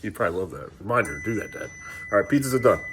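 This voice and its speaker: A man's voice: on the low side, lively intonation, very fast, a bit bright, a little hiss or hum. A man, a father, talking casually to his kids at home, coaxing and praising them as he goes.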